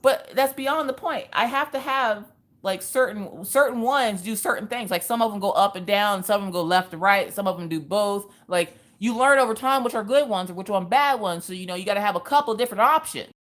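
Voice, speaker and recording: A young woman hosting a craft livestream, telling a story to her viewers in an animated way and acting out the quotes with Southern slang. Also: mid-range voice, fairly quick.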